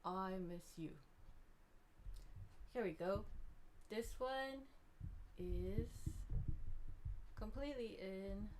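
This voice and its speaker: A woman hosting a piano livestream, chatting casually and softly reading out viewer requests. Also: medium pitch, extremely slow, pauses often, a little hiss or hum. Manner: soft-spoken, reading viewer requests aloud, trailing off. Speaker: livestream pianist host.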